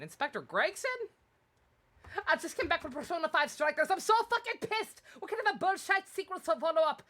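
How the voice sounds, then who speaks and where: Animated swearing woman streamer. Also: very high-pitched. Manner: animated, swears, reads dialogue aloud. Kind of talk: game playthrough commentary.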